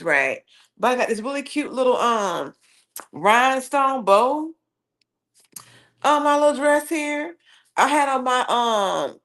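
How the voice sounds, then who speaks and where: Sassy Southern woman chatting on a live stream. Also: on the high side. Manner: sassy, animated storyteller. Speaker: livestream host. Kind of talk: casual livestream chat, reading viewer comments.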